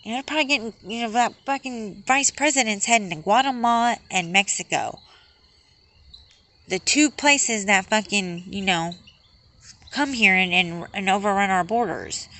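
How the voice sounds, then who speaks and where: A woman vents in a long, rambling monologue, swearing freely and getting heated as she goes. Her voice is bright and a little sharp. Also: mid-range voice, moderate pace. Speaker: vlogger. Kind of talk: rambling rant to camera.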